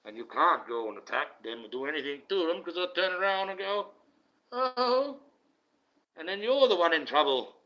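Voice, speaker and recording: A man's voice: fairly high pitch, lively intonation, fast talker, few pauses, bright, forceful tone. A man, a self-styled online preacher, delivering a blunt, profane, indignant rant. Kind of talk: ranting monologue. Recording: dull lo-fi recording.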